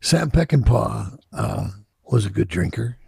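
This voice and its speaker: A deeply gravelly, husky older man from Chicago shares candid interview stories about his past, very animated though a little slow. He curses openly, reflects, and acts out the voices of people he quotes, his dark, mellow tone recorded dry and close with no room around him.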